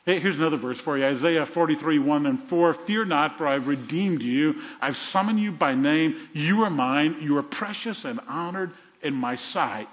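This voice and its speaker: Older man, pastor, sermon, lively then whispery, muffled recording. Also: on the high side, a little fast. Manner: animated preaching, drops to soft whispers for tender lines. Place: church sanctuary. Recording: muffled sound with long reverb in a large hall.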